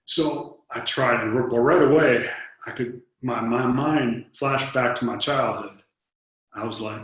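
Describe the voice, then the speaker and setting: A man's voice: mid-range voice, a little slow, fairly bright tone. A man in his fifties from Detroit, telling personal stories in an interview and acting out the dialogue, often repeating his first words. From Detroit, United States. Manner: earnest storyteller, acts out dialogue, repeats words when starting a thought. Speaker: interview guest. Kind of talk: storytelling in an interview. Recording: very echoey room.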